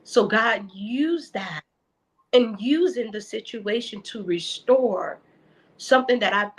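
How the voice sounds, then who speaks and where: A woman's voice: medium pitch, gravelly, fairly bright tone, poor audio. A woman guest talking earnestly and openly about faith and caring for her mother, often repeating words as she searches for them. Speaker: podcast guest. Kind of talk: casual faith conversation.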